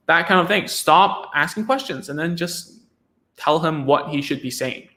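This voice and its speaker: A man's voice: fairly high pitch, moderate pace, a bit bright. Chatty man giving live-stream parenting advice. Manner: chatty, loose, many restarts and tag questions like "right?" and "okay?". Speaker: speech therapist hosting a live stream.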